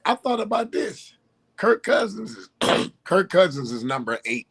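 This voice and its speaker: A man's voice: high voice, very animated, measured pace, crowd noise. A man co-hosting a casual sports talk show, chiming in with short, wry remarks.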